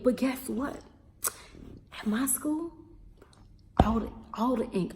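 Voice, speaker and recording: A young woman with a Baltimore accent talks straight to camera in a casual vlog, sassy and animated. Her voice sits a little high yet sounds warm and mellow. She slips into local dialect and drops in "baby" and "honey" as she tells her stories. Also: a little slow. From Baltimore, USA. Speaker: teacher vlogger.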